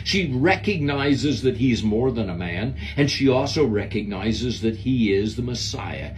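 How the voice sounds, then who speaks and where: A man's voice: mid-range voice, animated, a little slow, darkish tone, a little hiss or hum. A man giving a devotional Bible lesson, preaching in an earnest, emphatic way. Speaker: Bible teacher.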